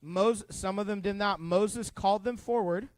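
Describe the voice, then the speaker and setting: A man teaching a middle school youth group, retelling a Bible story in an animated, conversational way and asking the kids questions. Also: high-pitched, normal speed. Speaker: youth pastor.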